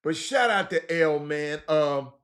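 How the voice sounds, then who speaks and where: A man with a drawl hosts a casual stream, and his fairly high, very bright voice rambles along informally. He circles back on himself, repeating words and dropping slang as he talks to viewers. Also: animated, a little slow. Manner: repetitive, stop-start, informal slang. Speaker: livestream host.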